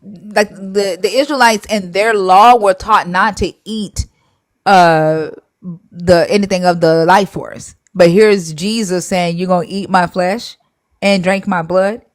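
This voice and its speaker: A woman's voice: mid-range voice, fairly even intonation, slow pace, no room sound, clean studio sound. A woman hosting a live stream, bluntly arguing and retelling scripture in casual slang with swearing.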